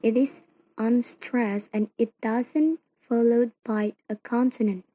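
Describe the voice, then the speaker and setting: Slow, careful young woman reading a lesson. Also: a little high, steady tone, dark tone, dry recording, rough recording. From Indonesia. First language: Indonesian. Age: young adult. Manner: slow careful reading with non-native grammar. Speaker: student presenter. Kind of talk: reading a phonetics presentation.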